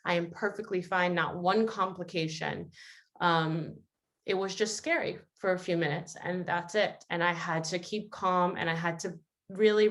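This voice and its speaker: A woman's voice: lowish voice, fairly bright tone. A woman hosting a family video call, talking earnestly and reflectively, and sometimes acting out quotes. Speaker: host. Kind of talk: casual reflective talk.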